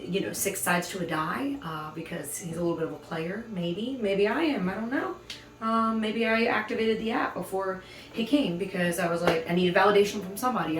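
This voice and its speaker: A woman hosting a baking show, telling her dating stories in a chatty, sassy way, with punning asides as she works in her kitchen. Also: mid-range voice. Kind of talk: casual storytelling while baking. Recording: roomy, distant mic with faint ambience.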